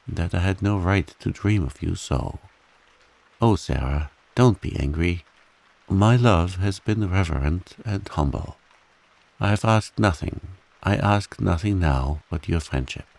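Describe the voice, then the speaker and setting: A man voicing a humble, devoted man earnestly and huskily pleading his love in a soft bedtime reading. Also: low voice, measured pace, vocal fry, no echo.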